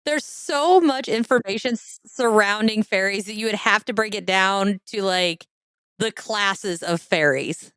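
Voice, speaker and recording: A woman's voice: mid-range voice, unhurried, a bit bright, smooth, dry recording. A woman from the Midwest co-hosting a casual podcast, giggly and enthusiastic, playfully exaggerating. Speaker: podcast co-host.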